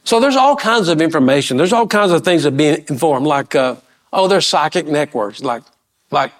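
Man preaching, middle-aged, fairly high voice, folksy asides, rising emphasis, questions to the congregation. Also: animated, moderate pace. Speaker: pastor. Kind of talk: sermon.

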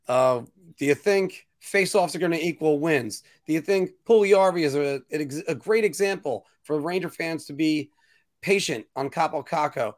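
A man hosting a casual sports talk show, ranting opinions in an animated way. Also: on the high side. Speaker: podcast host.

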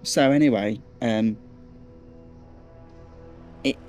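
A man with a Liverpool accent, a podcast guest telling a story in a casual, animated way, repeating words and swearing now and then. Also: lowish voice, drawn-out words, soft background music. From Liverpool, England.

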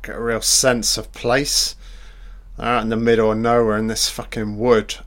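A man giving casual, excitable commentary on a film as he watches it, swearing freely and reacting aloud to each scene. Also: fairly low pitch, normal speed.

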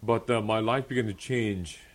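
At a moderate pace and in a voice on the low side, a young pastor preaches about his own testimony at a fellowship meeting. His delivery is sincere and emphatic, with plenty of laughter and repeated phrases.

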